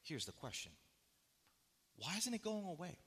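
A man's voice: high-pitched, big pitch swings, moderate pace, a bit bright, slightly rough. Emphatic male preacher in a reverberant hall. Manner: emphatic, rising and falling delivery with rhetorical questions. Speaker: pastor. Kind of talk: sermon.

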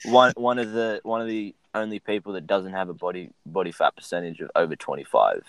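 A man appearing as a podcast guest, rambling bluntly with halting restarts. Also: low-pitched, no echo, rough recording. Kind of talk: casual chat.

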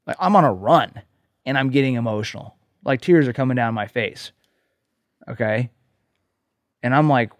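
Male podcast co-host, mid-pitched, earnest storyteller, dry close mic. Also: moderate pace, long pauses, dry recording. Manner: earnest storytelling, emphatic "okay?" check-ins. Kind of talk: casual podcast conversation.

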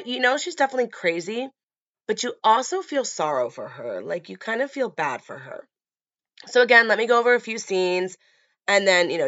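A woman's voice: fairly low pitch, a bit bright, no echo. A woman hosting a podcast, chatting casually about a film with lots of fillers, in a dull lo-fi recording. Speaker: podcast host.

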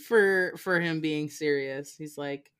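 A woman's voice: low-pitched, takes it slowly, fairly bright tone, clear, resonant tone. A woman chatting casually on a podcast, sarcastic, laughing often and swearing lightly. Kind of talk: casual chat.

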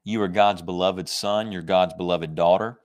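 A man preaching a sermon, emphatic and conversational, slowing down to stress scripture verses and joking with his listeners. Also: sits low, steady tone. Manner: jokes and laughs with the congregation.

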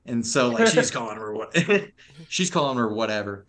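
A man's voice: mid-range voice, expressive, normal speed, fairly bright tone. A young adult man on a podcast, telling a long story in rambling, profane, laugh-filled casual chat.

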